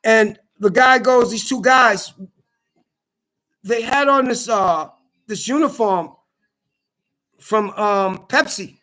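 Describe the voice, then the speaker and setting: Man, very high-pitched, sharp bright tone, profane heated rant, stumbling restarts. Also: slow pace, pauses often. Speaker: social media commentator. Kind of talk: ranting monologue.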